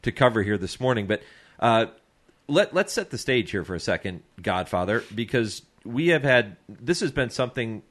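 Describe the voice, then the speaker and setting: A man hosting a radio talk show, easygoing and chatty and quick to laugh. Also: mid-range voice, sing-song, fairly bright tone.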